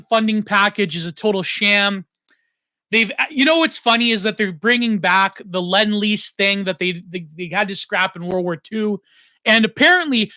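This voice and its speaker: A man's voice: extremely high pitch, sharp tone, no echo. A man hosting, talking in a rambling, opinionated casual monologue. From Canada. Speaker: host.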